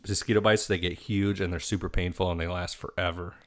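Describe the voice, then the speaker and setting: Deadpan low-voiced man telling stories. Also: quick pace. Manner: dry storyteller, deadpan jokes. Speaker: podcast co-host. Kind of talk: casual chat.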